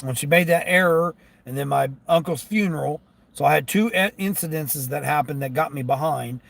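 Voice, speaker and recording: A man who drives for delivery apps, talking casually to his viewers from his car and grumbling as he thinks out loud about the orders he gets. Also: fairly high pitch, moderate pace, gravelly. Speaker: gig delivery driver vlogger. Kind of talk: casual talk while driving. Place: inside a car.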